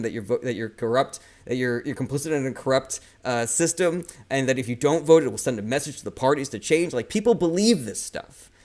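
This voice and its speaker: Male streamer, casual political commentary, heated and profane, reacts to viewer comments. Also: medium pitch. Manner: reads viewer comments aloud and answers them. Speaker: political livestream host.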